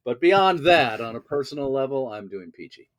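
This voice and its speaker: A man's voice: medium pitch, very animated, a little fast, no room sound. A man guesting on a video-call interview from a room at home, telling stories in a wry, theatrical way with vivid wordplay. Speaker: actor guest. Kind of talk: casual interview chat. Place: home room with bookshelf backdrop.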